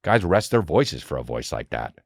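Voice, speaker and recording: A man's voice: a bass voice, sing-song, normal speed, creaky, no room sound, studio quality. A man hosting a podcast alone at home, talking in a loose, profane, rambling comedic monologue that jumps from topic to topic. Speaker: podcast host. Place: home room with a fan running.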